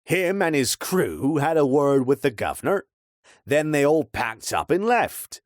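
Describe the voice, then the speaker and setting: A man voicing a grumpy, gruff old man who tends a fire, talking in a rough, colloquial way. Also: fairly high pitch, very animated, a little slow, dry recording, studio quality, pitched above the performer's own voice.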